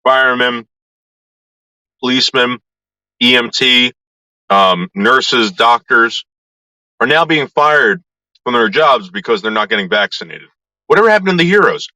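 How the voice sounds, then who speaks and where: A man's voice: mid-range voice, expressive, measured pace, long pauses, pushed and bright, dry recording, rough recording. A man ranting to his viewers in a vlog, swearing often and talking in an agitated way. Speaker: YouTuber.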